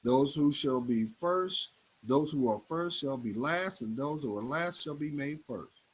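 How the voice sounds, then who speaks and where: A man giving an emphatic motivational talk in a preachy style, swinging his pitch up and down for effect. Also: expressive, a little slow, a little hiss or hum, low-quality recording. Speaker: motivational speaker.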